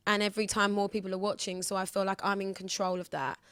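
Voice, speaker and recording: Brief: woman, 20s, radio guest, candid and lively, dry close sound. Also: mid-range voice, fast, clean tone, no room sound. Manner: candid, lively, acts out other people's voices. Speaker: guest singer. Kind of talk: casual radio interview chat.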